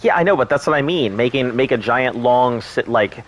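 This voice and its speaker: A man's voice: mid-range voice, lively intonation, moderate pace. Rambling, crude-joking male streamer. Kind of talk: casual gameplay commentary.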